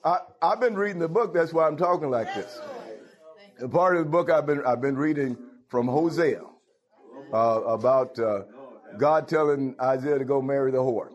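A man's voice: medium pitch, moderate pace. A man preaching a folksy call-and-response sermon, laughing and calling out hallelujahs.

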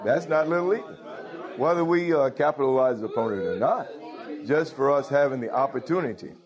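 This male pastor preaches a sermon in call-and-response style, often asking the congregation "Huh?" and chuckling along the way. His mid-range voice is a little mellow, and the audio is dull.

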